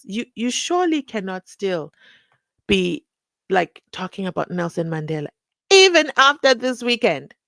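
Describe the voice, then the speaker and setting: A woman's voice: medium pitch, sing-song, measured pace, creaky, a bit bright, no room sound. A woman, hosting a live stream, reading viewer comments and acting out the people she quotes with sarcasm. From South Africa.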